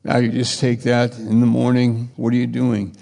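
A man preaching a sermon, slow and halting, with emphatic rising bursts. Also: mid-range voice, monotone, vocal fry, mellow. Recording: reverberant hall.

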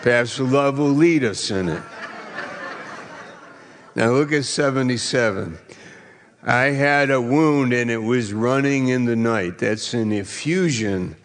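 Male pastor, unhurried and playful sermon delivery; long hall reverb. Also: mid-range voice. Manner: playful, teasing congregation. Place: large church hall.

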